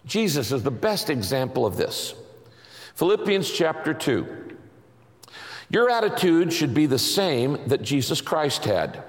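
A man's voice: on the high side, sing-song, unhurried. A middle-aged man preaching a sermon as a pastor, emphatic and repeating his catchphrases for the congregation. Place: large church sanctuary. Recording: long reverb of a large hall.

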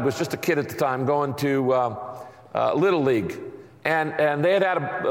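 A middle-aged man preaching a sermon as a pastor, emphatic and repeating his catchphrases for the congregation. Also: on the high side. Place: large church sanctuary. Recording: long reverb of a large hall.

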